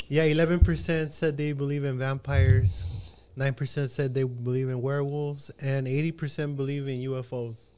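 A man with a smooth, clear voice reads poll numbers in a quiet, even monotone. He keeps his tone level and plain. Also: mid-range voice, moderate pace. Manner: quiet, flat reading of numbers. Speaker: co-host reading poll results. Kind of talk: casual chat.

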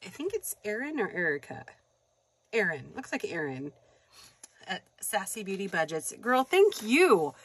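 A woman vlogger chatting casually while unboxing happy mail, gushing and excitable, with frequent gasps and affectionate asides to viewers. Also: mid-range voice, a little slow, breathy edge. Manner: affectionate, calls viewers hon and you guys.

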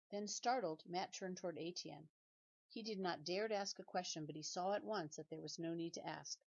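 A woman teacher reads a children's novel aloud with steady, measured and clear narration. Her voice sits on the lower side, and the recording sounds dull and lo-fi.

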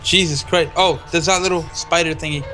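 A man's voice: a little high, steady tone, a little fast, music in the background. A young man co-hosting a casual gaming commentary, teasing and jokey, often laughing. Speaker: gaming channel co-host.

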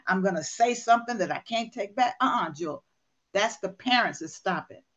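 A woman's voice: mid-range voice, lively intonation, fairly quick, fairly bright tone. An older woman, a motivational speaker, talking candidly and emphatically, acting out her own inner dialogue. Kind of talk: candid conversational talk.

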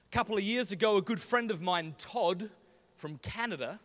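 A man with an Australian accent giving a talk, telling humorous stories in an animated, jokey way with Australian slang. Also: high voice, normal speed. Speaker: conference speaker. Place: large conference hall. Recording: echoey large hall.

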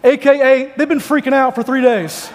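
A man's voice: very high-pitched, fairly even intonation, moderate pace, a little hiss or hum. A man preaching a sermon, mixing scripture reading with joking, conversational stories. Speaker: pastor. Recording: long hall reverb.

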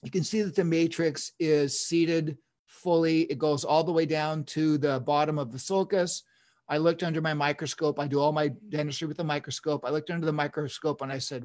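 A man's voice: fairly high pitch, fairly even intonation, normal speed, a little mellow. A man in his fifties, a dentist giving an online lecture, telling stories enthusiastically with chuckles and restarts.

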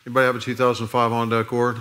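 A man's voice: mid-range voice, monotone, rapid-fire, a bit bright, smooth. A man in his forties, a pastor telling a humorous story in a sermon and asking the crowd questions. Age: 40s. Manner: playful, jokey, asks the crowd questions. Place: church auditorium.

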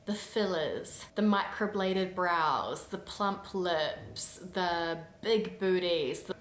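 A woman's voice: mid-range voice, reverberant, a little hiss or hum. A woman from New Zealand with a New Zealand accent, hosting a casual vlog in a chatty, giggly way. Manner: chatty, giggly, acts out quotes. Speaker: vlogger host.

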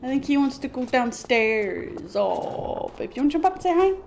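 A woman's voice: sits high, sing-song, moderate pace, creaky, a little mellow, slight background noise. A young woman streaming a video game live, chatting with viewers, swearing, laughing and talking to her dog. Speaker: gaming streamer.

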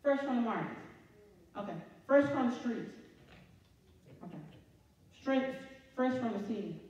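High-voiced woman preaching in an echoey hall. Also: lively intonation, measured pace, darkish tone. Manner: repeats phrases and asks the congregation questions. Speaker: church elder preaching. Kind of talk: sermon. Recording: very echoey church hall, distant mic, dull sound.

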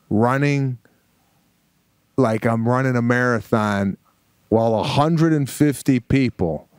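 A man on a podcast, spinning a lively, dramatic story and acting out each line he quotes. His voice sits at an ordinary pitch and sounds dry and close to the mic. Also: dry recording. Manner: animated, dramatic retelling with acted-out quotes. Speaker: podcast co-host. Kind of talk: casual storytelling chat.

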